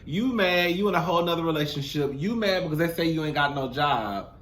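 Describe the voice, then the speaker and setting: A man's voice: fairly high pitch, a little fast. A man giving blunt, sassy commentary in a casual reality show recap, talking straight to his viewers. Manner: sassy, blunt, animated, calls viewers "girl".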